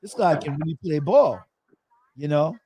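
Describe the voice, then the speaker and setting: Animated, joking male podcast host. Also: fairly high pitch, moderate pace, husky, dry recording. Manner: animated storyteller, joking, acting out quotes. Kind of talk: casual chat.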